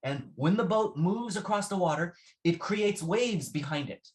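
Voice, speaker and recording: A man's voice: high voice, expressive, normal speed. A man teaching English vocabulary in a classroom lesson, patient and repetitive, often checking with "right?". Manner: patient, repeats phrases, asks "right?" often.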